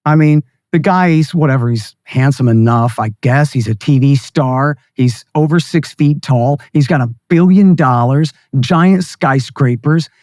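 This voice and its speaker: A man's voice: a little high, unhurried, few pauses, darkish tone, no room sound, studio quality. A man speaking as a guest in a political interview, ranting with sarcasm and scorn. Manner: mocks others in put-on voices. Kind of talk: heated political interview talk.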